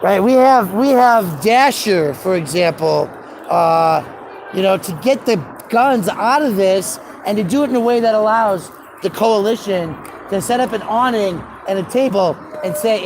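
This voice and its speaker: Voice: medium pitch, lively intonation, measured pace, background noise. A citizen journalist giving heated, impassioned commentary while filming on a city street. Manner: impassioned, builds into an indignant rant.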